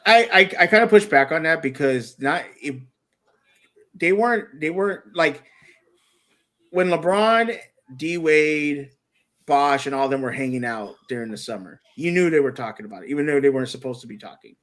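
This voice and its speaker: A man's voice: a little high, lively intonation, moderate pace, fairly bright tone. A man co-hosting a casual sports show, teasing the others and often restarting his sentences. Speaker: podcast co-host.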